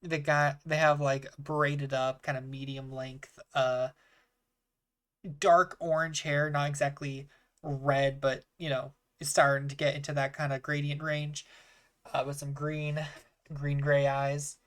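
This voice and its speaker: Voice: mid-range voice, little pitch movement, unhurried, a bit bright. A game master running a tabletop game over a call, describing scenes, laughing at themself and swearing now and then. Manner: self-deprecating, laughs often, swears.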